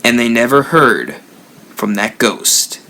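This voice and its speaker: A man hosting a live stream, telling a spooky story with lively rises and drops. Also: medium pitch, slow pace, a little hiss or hum. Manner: animated storyteller, rising and dropping for effect. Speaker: haunt builder channel host.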